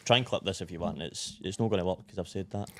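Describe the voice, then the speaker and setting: A man's voice: deep voice, quick pace. A Scottish man co-hosting a podcast, tossing in joking asides and laughing often. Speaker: podcast co-host. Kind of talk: casual podcast banter.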